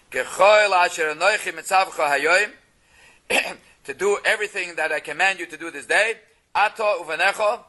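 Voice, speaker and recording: Bright-voiced man teaching a Torah class. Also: high-pitched. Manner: reads Hebrew phrases then translates into English; explanatory, asks rhetorical questions. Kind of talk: text-based religious class.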